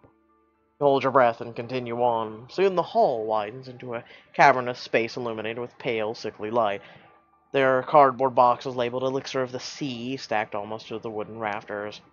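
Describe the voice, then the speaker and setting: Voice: medium pitch, normal speed, highs cut off, soft background music. Wry streamer reading a story game. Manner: wry, sarcastic asides and laughter.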